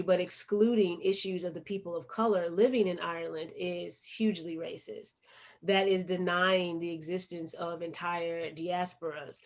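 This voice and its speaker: Earnest low-voiced woman with a Chicago accent. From United States. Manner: earnest, emphatic storytelling. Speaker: guest poet and activist. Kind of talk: interview.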